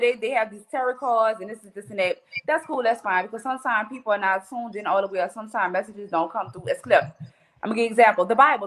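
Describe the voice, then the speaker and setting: A woman's voice: a little high, a bit bright. A woman with a New Orleans accent, a podcast guest telling stories in casual chat, blunt and full of cursing. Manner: blunt, profane storytelling.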